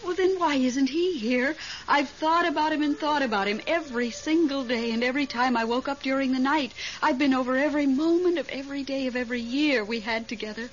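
An actress playing a fussy, jumpy widow in a radio drama, fluttery and exclamatory. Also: female voice, high voice, a little fast, close to an everyday voice. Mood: anxious. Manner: fluttery, exclamatory, stammering when startled. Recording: dull lo-fi radio recording with faint hiss.

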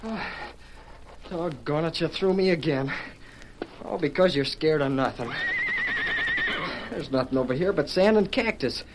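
An actor playing an eager, excitable teenage rider who talks to himself and his horse, in 1940s radio acting style. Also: a little high, a little slow. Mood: urgent. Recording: crackly vintage radio recording.

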